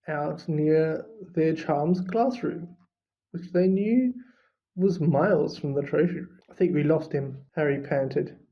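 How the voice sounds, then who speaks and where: An audiobook reader narrates at an unhurried, deliberate pace in a mid-pitched voice. The delivery is measured and even. The sound is a little dull and muffled. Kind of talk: storybook narration. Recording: slightly muffled recording.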